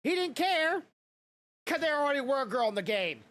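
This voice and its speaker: A man from Louisiana and Mississippi hosts a casual podcast in a very high, slightly bright voice with big pitch swings at a moderate pace. He rambles loosely and laughs often between points.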